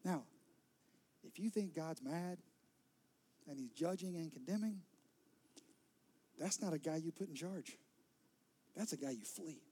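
A man preaching a sermon, telling the story dramatically, sometimes dropping to a soft whisper and sometimes rising to an emphatic peak. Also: a little high, a little slow, pauses often, husky. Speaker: pastor.

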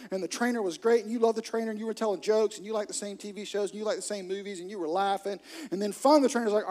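A man preaching a sermon to a congregation, animated and humorous, acting out little quoted scenes. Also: high voice, fast talker, hardly any pauses. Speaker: pastor.

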